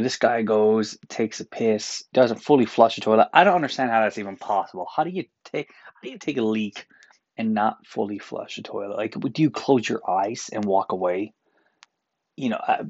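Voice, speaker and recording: A man's voice: fairly low pitch, no room sound, muffled recording. Profane, exasperated man ranting. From Newfoundland, Canada. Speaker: podcast host. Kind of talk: casual solo podcast rant. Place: apartment room.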